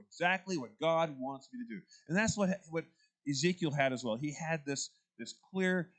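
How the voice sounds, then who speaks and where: A man leading a church Bible study class, talking through the text in a conversational way and putting questions to the group. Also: mid-range voice.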